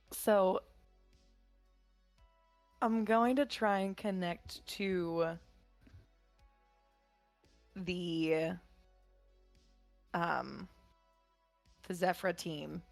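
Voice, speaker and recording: A woman playing a tabletop game who speaks slowly and hesitantly, with many ums. Her voice is low and gravelly. The recording is dry and close, with faint music behind. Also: dry recording. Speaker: player.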